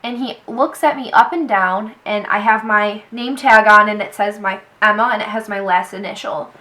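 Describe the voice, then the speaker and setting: A young woman vlogger telling a personal story to the camera. She talks in an animated way and quotes people with "he's like.". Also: medium pitch, moderate pace, poor audio. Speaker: beauty vlogger. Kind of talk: storytime vlog.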